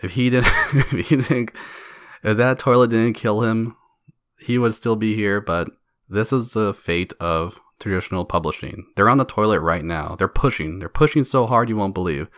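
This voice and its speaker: A man's voice: lowish voice, moderate pace, fairly bright tone, no echo, studio quality. A man hosting a solo podcast, ranting in a profane, mocking way and laughing between jabs. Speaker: podcast host.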